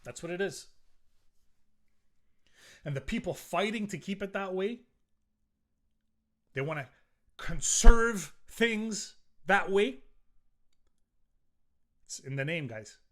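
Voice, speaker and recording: A man's voice: fairly high pitch, lively intonation, measured pace, pauses often. A middle-aged man hosting a solo podcast, ranting in a profane, rambling way with frequent restarts. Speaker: podcast host.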